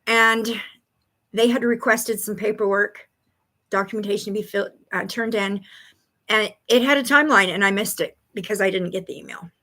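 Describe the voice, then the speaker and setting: A woman hosting a live stream as a psychic reader, chatting in a bubbly, excited way and telling a story with laughs. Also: medium pitch, moderate pace. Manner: bubbly, excited, greeting viewers by name. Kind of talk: casual live-stream chat.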